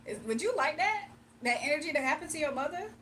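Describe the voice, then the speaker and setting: Young woman, livestream host, high voice, teasing and giggly, slightly off-mic. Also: expressive, quick pace, a bit bright, far from the mic, a little hiss or hum. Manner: playful, teasing, laughs often, mimics commenters in a deep voice. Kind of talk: casual livestream chat, reading comments.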